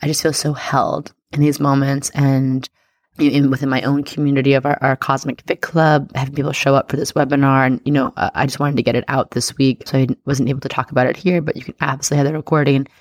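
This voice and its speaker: A woman hosting her own podcast as an astrologer, talking in a casual, rambling and earnest way, restarting often and warmly affirming her listeners. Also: extremely low pitch, level tone, fast talker, dry recording. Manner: upbeat and affirming toward listeners. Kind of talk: casual solo podcast talk.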